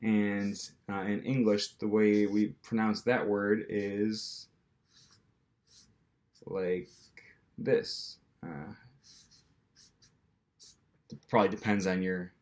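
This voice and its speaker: A man's voice: lowish voice, level tone, slow, long pauses, a little mellow. A man with an American accent teaching pronunciation to camera in a casual manner, with frequent ums, and acting out the sounds himself. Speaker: language teacher.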